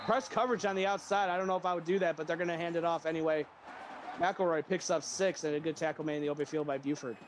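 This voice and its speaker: A man calls the plays on a livestreamed game with a high, bright voice, joking and laughing between calls. He jumps to loud shouts when a big play lands. Steady background noise sits under his voice. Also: quick pace. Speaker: play-by-play commentator. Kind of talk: casual stream game commentary.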